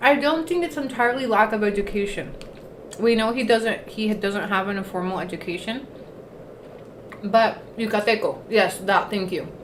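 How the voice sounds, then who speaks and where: Chatting through a casual livestream at a moderate pace, a woman with a medium-pitched voice sprinkles Spanish words into her English and stops to eat now and then. There's echo in the room and faint noise beneath.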